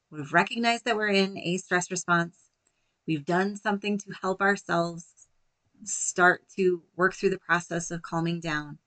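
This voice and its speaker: Gentle low-voiced woman podcast host. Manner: gentle, reassuring, softly spoken at times. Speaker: podcast host and life coach. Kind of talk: solo podcast talk.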